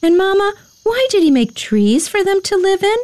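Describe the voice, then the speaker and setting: A woman voicing a small, curious boy who asks eager, excited questions in a soft, high voice. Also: normal speed.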